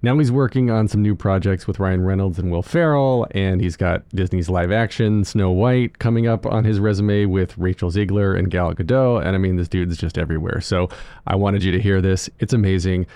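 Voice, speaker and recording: A man's voice: low voice, normal speed, warm tone, smooth, no echo. A man hosting a podcast, introducing a guest in an upbeat, chatty way with some filler words. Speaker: podcast host. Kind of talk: casual podcast chat and intro.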